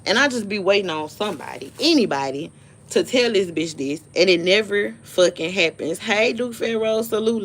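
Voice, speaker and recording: A woman, her voice sitting a little on the low side, rants on a livestream. She is blunt, curses freely and waves people off, but tells her stories with animation. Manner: blunt, profane, dismissive, animated storytelling. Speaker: livestream host. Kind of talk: casual live-stream rant.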